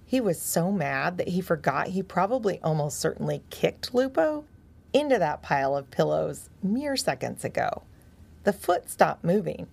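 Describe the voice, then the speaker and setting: A woman storyteller reading a children's story aloud in a gentle, expressive way. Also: fairly low pitch, moderate pace, vocal fry, breathy edge.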